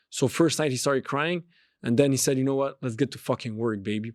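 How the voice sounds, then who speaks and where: A man's voice: medium pitch, a little fast, dry recording, clean studio sound. A man hosting a podcast, giving an emphatic motivational monologue and repeating his phrases for effect. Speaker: podcast host and street pastor.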